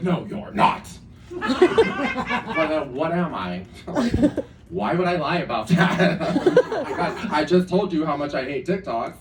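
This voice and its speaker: A man doing a stand-up comedy set in a club, campy and self-deprecating, chatting with lots of asides. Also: high-pitched. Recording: echoey club room, distant mic, audience noise. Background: audience laughter.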